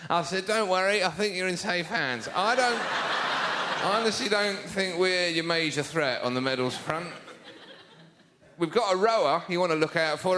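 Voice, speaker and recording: A man with an English accent performing a stand-up routine on a theatre stage, breaking into shouted mock outbursts. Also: a little high. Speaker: stand-up comedian. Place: theatre stage with live audience. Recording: live show recording with audience noise.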